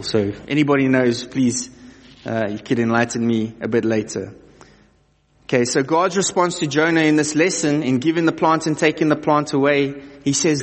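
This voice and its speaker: A man's voice: mid-range voice, normal speed. Man preaching in a reverberant hall. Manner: conversational, asks the listeners direct questions. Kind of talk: sermon with scripture reading.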